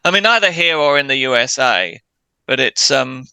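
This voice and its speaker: Bright crisp-voiced male podcast co-host. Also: medium pitch, sing-song, moderate pace, no echo, rough recording. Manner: agreeable, chuckling, frequent yeahs. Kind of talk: casual chat.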